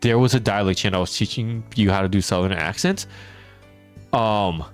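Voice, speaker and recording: A man's voice: on the low side, moderate pace, clear, resonant tone, faint music behind. A man streaming a farming game, chatting casually with his viewers, answering chat and laughing often. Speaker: teacher. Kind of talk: casual live-stream chat while gaming.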